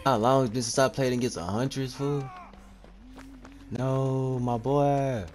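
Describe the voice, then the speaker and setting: A young man giving live gameplay commentary, excitable and trash-talking, repeating phrases quickly as he plays. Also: medium pitch. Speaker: gaming video creator. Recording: steady clear background noise.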